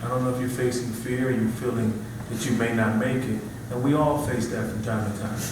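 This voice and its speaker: A man's voice: mid-range voice, steady tone, fairly quick. A man coaching a student in martial arts, firm and encouraging, asking him questions as he talks him through it. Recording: echoey room, voice from far off, noisy.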